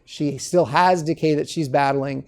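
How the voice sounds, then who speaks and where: A dentist being interviewed, telling patient stories in a casual way and often checking in with "okay?". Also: male voice, fairly high pitch, steady tone, moderate pace. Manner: storytelling, keeps adding "okay?". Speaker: dentist guest. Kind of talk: conversational interview.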